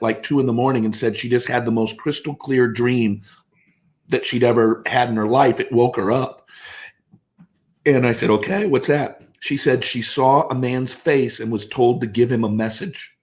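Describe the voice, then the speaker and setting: A man guest on a talk show, telling stories in conversation and acting out the voices of the people in them. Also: medium pitch. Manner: animated anecdotes with quoted voices. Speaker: guest speaker. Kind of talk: storytelling in conversation.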